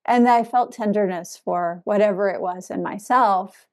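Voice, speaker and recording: A woman giving a dharma talk as a Zen teacher, speaking in a reflective way with soft laughs. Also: medium pitch, moderate pace.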